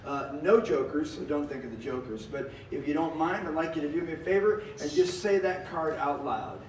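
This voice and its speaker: A jokey, folksy male magician with a fairly high voice who chuckles through his showman patter. He sounds set back from the mic in an echoing room, with faint noise behind him. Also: animated, moderate pace. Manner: jokey, chuckles often, cowboy-flavored folksy talk. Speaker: magician and variety performer. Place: live stage show with audience. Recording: roomy, distant, with faint noise.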